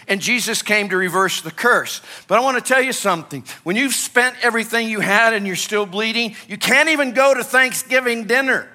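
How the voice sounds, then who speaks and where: A male pastor from Illinois, preaching an animated sermon that swings between loud urgency and quiet, hushed moments. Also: high voice, fairly quick, hardly any pauses.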